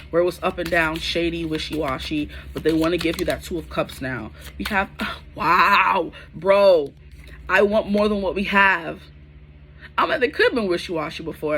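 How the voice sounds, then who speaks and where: A woman in her twenties doing a casual, chatty tarot reading to camera, full of slang and animated asides. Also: lowish voice, slight background noise. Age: 20s. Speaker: tarot reader.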